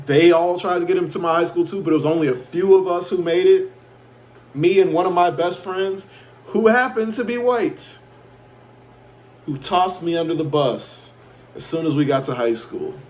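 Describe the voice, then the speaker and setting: Boastful, profane man, higher voice. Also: darkish tone, a little hiss or hum. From Chicago. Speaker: self-proclaimed prophet vlogger. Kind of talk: casual rambling monologue.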